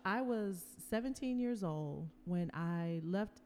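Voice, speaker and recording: Woman podcast host from Tennessee, mellow and slightly low, animated storyteller, reverby room with faint hiss. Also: slow. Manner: animated storyteller, laughs easily. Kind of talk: casual interview chat. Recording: long reverb, faint background noise.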